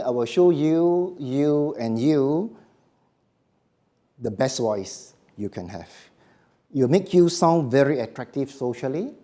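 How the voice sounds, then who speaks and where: A man giving a voice workshop to a live audience, speaking slowly and emphatically and letting his phrases drop quietly at the end. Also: mid-range voice. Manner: slow, emphatic, dropping to quiet endings. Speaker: voice coach.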